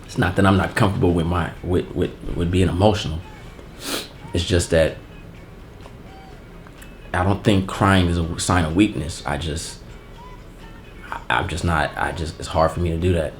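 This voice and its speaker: A man hosting a casual unboxing vlog, giving heartfelt, emotional thanks in relaxed, slangy talk. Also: sits low, moderate pace, long pauses, faint music behind. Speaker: channel host.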